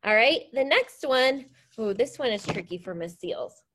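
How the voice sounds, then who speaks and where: A fairly high-voiced woman teaching a science lesson to young students. She explains each step clearly and sounds upbeat and encouraging. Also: lively intonation, normal speed, fairly bright tone. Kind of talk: classroom science demonstration.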